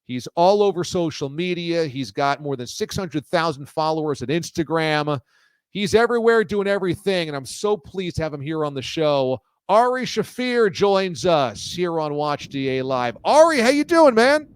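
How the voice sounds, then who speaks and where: A man's voice: fairly high pitch, animated, normal speed, clean tone, no echo. A man hosting a sports talk show, interviewing a guest in an upbeat, enthusiastic way. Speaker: radio and video show host.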